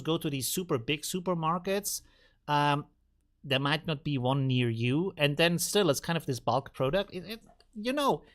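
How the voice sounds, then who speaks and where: Lively-voiced man rambling on a live stream. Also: on the high side. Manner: rambling, musing aloud. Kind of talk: casual live-stream chat reacting to memes. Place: home studio in Vienna.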